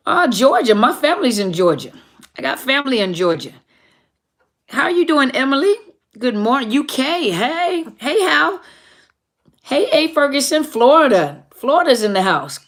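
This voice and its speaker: A woman's voice: high voice, very animated, normal speed. Chatty woman greeting live viewers. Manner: greets viewers by name, warm and chatty, laughs at herself. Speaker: livestream host and minister. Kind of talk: casual live Q&A chat.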